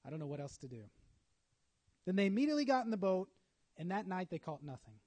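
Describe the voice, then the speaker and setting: High-voiced, animated male preacher. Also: a little fast, long pauses. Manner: animated, dramatic storytelling with acted asides. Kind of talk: sermon.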